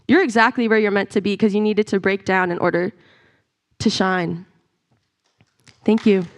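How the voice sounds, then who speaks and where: A woman's voice: mid-range voice, moderate pace. A woman giving an emotional personal testimony in church, close to tears and acting out the dialogue she retells. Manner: tearful, expressive, acts out quoted dialogue. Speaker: church speaker sharing a testimony. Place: church sanctuary.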